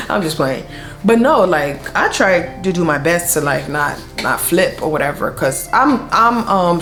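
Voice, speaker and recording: A young woman vlogger telling a personal story in casual, slangy speech full of fillers. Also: sits low. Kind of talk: storytime vlog.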